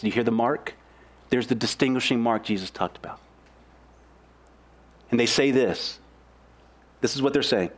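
A young man preaching a sermon in an earnest, animated way, with sudden swings in pitch and pace. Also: normal speed. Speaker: pastor.

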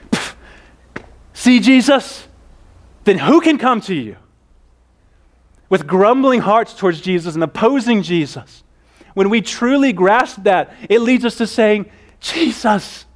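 A man preaching a sermon, earnest, moving between fervent prayerful passages and hushed, soft teaching. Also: high-pitched. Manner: earnest, swings from loud fervor to hushed softness. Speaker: pastor.

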